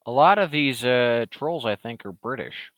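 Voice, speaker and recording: A man's voice: medium pitch, animated, fairly bright tone, dry recording. A man in a casual, rambling monologue, swearing freely and mocking the people he talks about as he addresses his fans. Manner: profane, rambling, quick to mock. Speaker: comic creator addressing his online fans.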